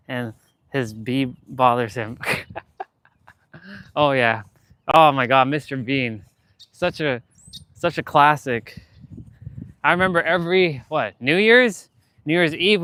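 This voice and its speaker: A man's voice: mid-range voice, a bit bright, smooth, no echo. A man chatting casually in a summer park during his fitness vlog, laughing and shooing bugs away. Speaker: fitness vlogger. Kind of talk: casual outdoor vlog chat.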